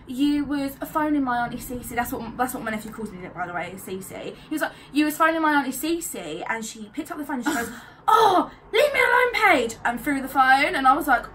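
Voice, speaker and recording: A young British woman chatting casually, telling a story with easy laughter and a relaxed manner. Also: high-pitched, brisk, hardly any pauses. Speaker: co-host. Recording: distant mic, faint hiss.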